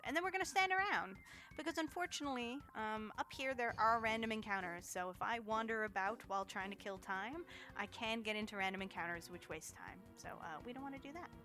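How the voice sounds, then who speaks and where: A woman's voice: mid-range voice, bright, forceful tone. A woman giving playful, chatty live-stream commentary while speedrunning a game, tossing jokey asides to her chat.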